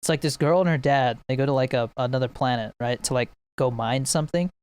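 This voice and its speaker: Talking quickly in a medium-pitched, darkish, clean voice, a young man co-hosts a podcast with friends. He rambles on about movies, laughs constantly, and mimics scenes in playful impressions.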